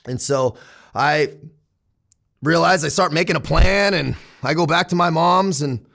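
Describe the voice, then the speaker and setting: A San Diego man in his thirties, appearing as an interview guest, tells candid, profane stories in casual conversation and laughs a lot. His voice is fairly high, creaky and fairly bright.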